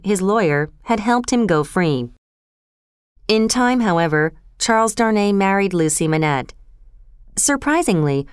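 A woman reads a story aloud in a slow, measured way, each sentence placed with care. Her voice is smooth and resonant at a middling pitch. The sound is dry and close, with no room echo. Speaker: narrator. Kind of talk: scripted storybook narration.

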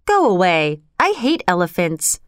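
A grumpy, sleepy male crocodile from a children's storybook, put on by a woman reading aloud. He grumbles and hisses through a smooth, clear voice. The recording is close and dry. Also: on the low side, huge pitch swings, measured pace, no echo. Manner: grumbling, hissing.

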